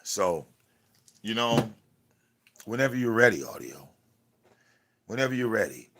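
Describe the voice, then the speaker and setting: A man with a fairly low voice hosts a livestream from a cluttered room at home. He rants at someone in a confrontational, profane way and often repeats his words. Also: very animated, unhurried, noisy background. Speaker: livestream host. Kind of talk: ranting livestream talk.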